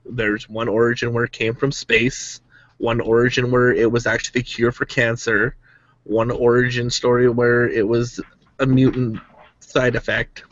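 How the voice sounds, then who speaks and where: A man's voice: medium pitch, little pitch movement, normal speed, fairly bright tone, no room sound, muffled recording. A man co-hosting a casual podcast chat, making his points in an emphatic, argumentative way. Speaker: podcast co-host.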